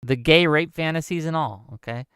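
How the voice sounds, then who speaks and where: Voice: medium pitch, normal speed, a bit bright, clear, resonant tone, dry recording, clean studio sound. A live-stream show host giving incredulous, exasperated commentary, laughing in disbelief and reading out viewer chat. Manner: exasperated, many filler "okay?" tags.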